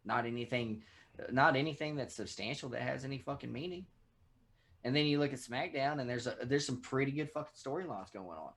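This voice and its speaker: Texan man, podcast co-host, loose profane chat, ordinary pitch. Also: brisk. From Texas. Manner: profane, animated rants. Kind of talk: casual chat.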